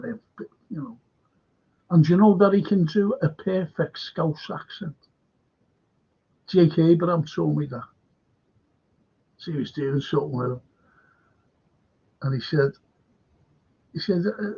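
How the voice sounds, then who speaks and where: A man's voice: fairly high pitch, unhurried, gravelly, pauses often, husky, highs cut off. A man hosting a live stream, chatting in a meandering way and often dropping his voice to a near-whisper. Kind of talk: rambling casual chat. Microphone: webcam or desk mic on a live stream.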